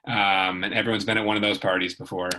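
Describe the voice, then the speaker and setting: A man's voice: on the low side, little pitch movement, fast, sharp tone, low-quality recording. A man tutoring in a casual, rambling video lesson, chatty and full of fillers and restarts.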